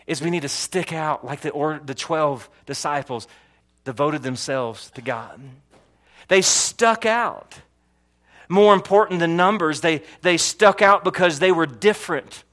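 Man, pastor, sermon storytelling, animated, swings loud to soft, bright tense tone. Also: a little high, measured pace. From Florida. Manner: animated storytelling, repeats words, shifts loud to hushed.

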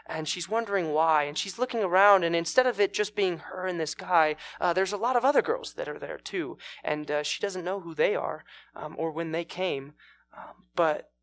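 Gravelly man retelling a story. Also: on the high side, moderate pace, fairly bright tone, a little hiss or hum. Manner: informal, with fillers and restarts. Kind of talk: dramatic storytelling sermon.

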